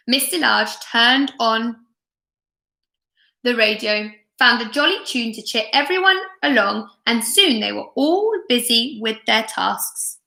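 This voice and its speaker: A woman reading a storybook aloud to young children in an expressive manner, chatting with her viewers between lines. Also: on the high side, takes it slowly, creaky. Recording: echoey room.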